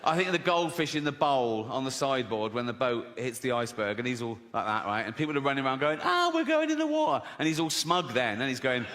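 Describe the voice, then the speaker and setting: A man's voice: medium pitch, fast, hardly any pauses, a bit bright. A man doing stand-up comedy, telling chatty stories and chuckling at his own jokes. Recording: long hall reverb, faint noise.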